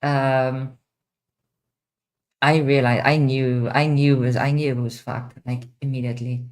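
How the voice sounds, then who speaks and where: A woman's voice: extremely low pitch, level tone, a little slow, darkish tone. Rambling young woman answering chat. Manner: rambling, repeats words, many ums. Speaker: streamer host. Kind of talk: casual livestream Q&A.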